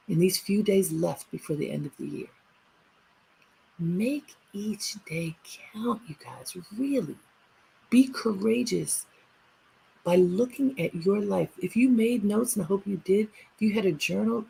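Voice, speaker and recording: A woman's voice: medium pitch, animated, measured pace, vocal fry, mellow, husky, poor audio. A woman hosting a live inspirational broadcast, speaking earnestly and urging listeners on with repeated short commands. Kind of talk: motivational livestream talk.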